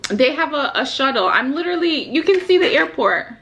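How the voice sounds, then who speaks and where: A woman's voice: high voice, expressive, a bit bright, slight background noise. A young woman vlogging from a hotel room while telling a story to family on a phone video call. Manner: chatty storytelling, quick laughs. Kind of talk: casual video call chat.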